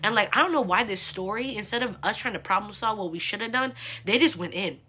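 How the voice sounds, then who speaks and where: A woman in her twenties hosting a podcast, telling a personal story in a casual, animated way, swearing freely and leaning on "like" a lot. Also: fast talker, husky. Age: 20s. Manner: acts out quoted people with big pitch jumps. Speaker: podcast host.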